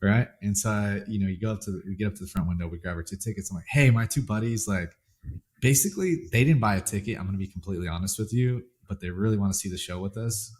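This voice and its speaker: A man hosts a podcast in a casual, chatty way. His voice sits on the low side, and he wanders through his anecdotes with loose, rambling phrasing. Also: fast, darkish tone. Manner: rambling anecdotes, lots of fillers and restarts. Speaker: podcast host. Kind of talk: casual chat.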